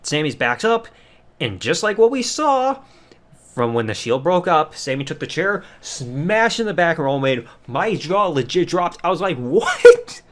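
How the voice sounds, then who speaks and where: A man hosting a solo podcast review, recapping events in an excited, animated way with lots of fillers. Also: fairly high pitch, normal speed. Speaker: podcast host.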